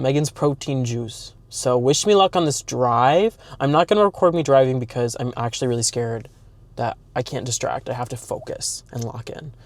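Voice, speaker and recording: A man's voice: medium pitch, a little hiss or hum. A young man vlogging from his car, telling stories in a chatty, dramatic, campy way. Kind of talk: casual storytelling vlog.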